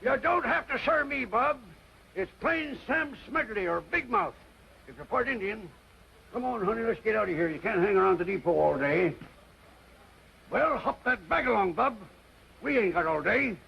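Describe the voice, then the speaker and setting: An actor playing a loud, brash older grandfather from the West with a folksy drawl and cackling laughs, in 1940s film acting. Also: sits high, lively intonation, moderate pace, vocal fry, husky, heavily acted. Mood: boisterous. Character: loud brash old western grandpa, rowdy. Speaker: boisterous grandfather visiting family. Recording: muffled old film soundtrack with hiss.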